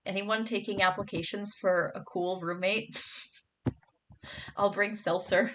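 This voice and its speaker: A woman's voice: medium pitch, steady tone, takes it slowly, a bit bright. A young woman streaming, chatting casually with her viewers and reading their comments aloud, gushing and bubbly, with lots of "like" and "oh my god".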